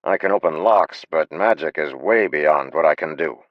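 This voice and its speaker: A man's voice: very deep voice, moderate pace, dry recording, dull audio. A man voicing a nervous, timid young male thief who speaks hesitantly. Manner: hesitant, tentative.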